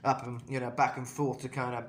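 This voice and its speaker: A man's voice: mid-range voice, little pitch movement, a little fast, noisy background. A young man giving a casual vocal lesson, talking loosely with self-mocking asides between demonstrations. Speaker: vocal coach.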